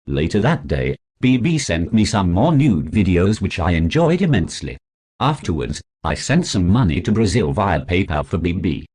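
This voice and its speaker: A man's voice: deep voice, sing-song, normal speed, darkish tone, husky. A man narrating a story in the first person as a scripted audiobook reading.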